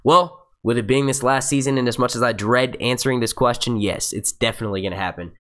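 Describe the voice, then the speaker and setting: A man's voice: medium pitch, fast talker, a bit bright. Rambling, swearing man hosting a live Q&A. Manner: rambling, restarts often, swears freely. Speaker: YouTube show host. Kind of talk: casual live Q&A chat. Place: seated at a computer. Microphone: computer microphone.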